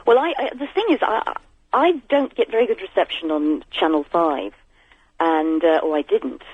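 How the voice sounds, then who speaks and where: A woman's voice: fairly low pitch, expressive, moderate pace, husky, dry recording. A woman calling in to a radio show, chatting in a rambling, giggly way over the phone. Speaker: caller. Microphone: telephone. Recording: muffled phone line.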